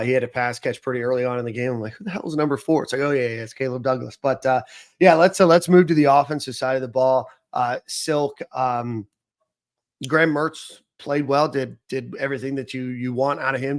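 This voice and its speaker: A man hosting a sports podcast in casual chat, talking easily with many fillers. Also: mid-range voice. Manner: conversational, lots of fillers like um and you know. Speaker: podcast host.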